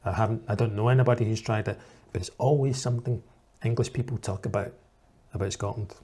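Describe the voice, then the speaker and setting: A man's voice: fairly low pitch, fairly even intonation, quick pace, dark tone, husky. A man in the role of an English teacher, giving reaction commentary for learners in a patient, explanatory way.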